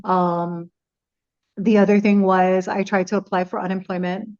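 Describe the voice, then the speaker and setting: Radio personality, woman, middle-aged; lively storyteller who acts out the dialogue, medium pitch, slightly dull lo-fi sound. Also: normal speed. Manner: animated retelling, acting out quoted dialogue. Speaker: radio personality, podcast guest. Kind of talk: casual storytelling in conversation.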